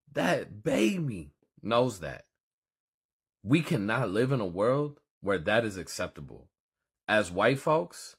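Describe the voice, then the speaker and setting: Husky, mid-pitched man, insistent commentator. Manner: earnest, preachy, insistent. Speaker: social commentator. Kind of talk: earnest spoken commentary.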